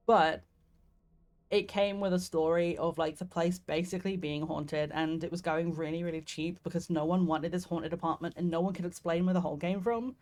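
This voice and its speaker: A woman's voice: on the low side, steady tone, normal speed, a little mellow. A young woman from southeast England with a southeast English accent, rambling and laughing as she streams a game. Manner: chatty, rambling, laughs often, swears casually. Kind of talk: casual gameplay commentary.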